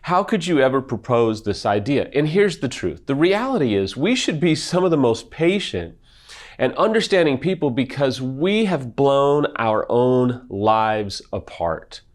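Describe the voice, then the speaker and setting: A man's voice: mid-range voice, very animated, unhurried. A man speaking as an affair recovery expert in a video talk, earnest and emphatic, telling a personal story.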